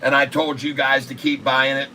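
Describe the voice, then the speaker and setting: A man hosting a live day-trading stream, excitable and repetitive, cracking crude jokes and bursting out loudly. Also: medium pitch, moderate pace, a little hiss or hum. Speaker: day-trading livestream host.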